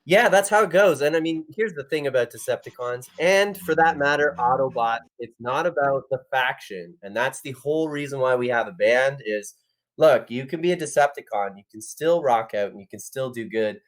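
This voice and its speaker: A man's voice: mid-range voice, animated, normal speed. A man from Canada chatting playfully on a livestream as a band guest in a robot persona, joking and restarting his sentences. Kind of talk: casual livestream chat.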